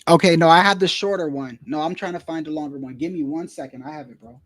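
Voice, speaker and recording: A man's voice: a little high, fast talker, fairly bright tone, no echo. A man giving casual, heated commentary, profane and repeating himself as he rants. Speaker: boxing commentary streamer.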